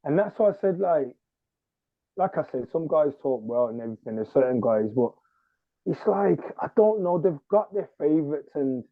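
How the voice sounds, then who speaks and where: A man, co-hosting a casual sports podcast, talking in an animated, rambling way with lots of "yeah"s. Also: fairly high pitch, normal speed, no room sound. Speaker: podcast co-host. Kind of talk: casual chat. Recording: dry tinny phone-like sound.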